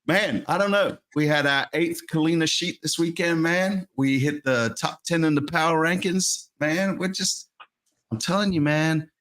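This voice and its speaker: A relaxed man chats easily on a live fan stream. His voice sits a little high for a man, and he drops "man" into nearly every line. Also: moderate pace. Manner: laid-back, easygoing, says man a lot. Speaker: co-host. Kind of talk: casual chat.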